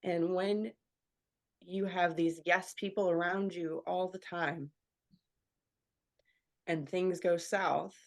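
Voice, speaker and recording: A woman's voice: fairly low pitch, steady tone, slow, pauses often. A woman speaking earnestly in a candid personal interview, talking as a radio show guest and leaning on fillers like "like.". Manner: earnest, filler-heavy, frequent "like".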